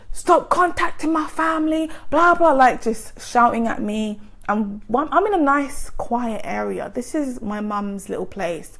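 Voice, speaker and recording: Gentle lady telling a story to camera, kinda creaky, lots of likes and ums. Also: mid-range voice. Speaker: vlogger. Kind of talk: casual storytime monologue.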